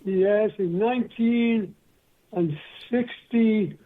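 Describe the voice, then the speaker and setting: An older man with a husky voice, a guest telling long rambling stories in an interview. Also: high voice, slow pace. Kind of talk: rambling anecdotal storytelling. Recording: tinny phone line.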